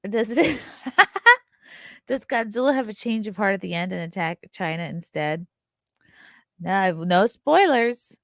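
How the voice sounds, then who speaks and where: A woman giving a casual, joking movie review, acting out the characters' lines in quick little voices. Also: medium pitch, vocal fry, dry recording, studio quality. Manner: animated, jokey, acts out voices of characters.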